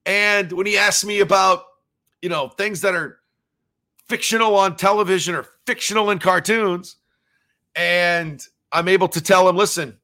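A man in his thirties hosts a solo podcast with a bright, forceful voice that sits a little high for a man. He rambles casually, piling on fillers as he shares his take as a dad. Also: fairly even intonation, moderate pace. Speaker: podcast host. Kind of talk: solo reaction commentary.

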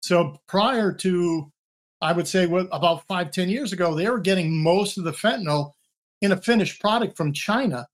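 A man in his sixties, a retired drug agent, giving measured explanations as a podcast guest. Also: sits high. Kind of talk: podcast interview.

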